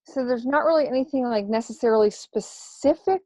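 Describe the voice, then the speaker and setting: A woman's voice: a little high, quick pace, darkish tone, no room sound. A woman who works as a psychic medium, answering questions in a casual interview, hesitant and full of fillers. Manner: hesitant, many fillers and restarts. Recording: dry, dull lo-fi sound.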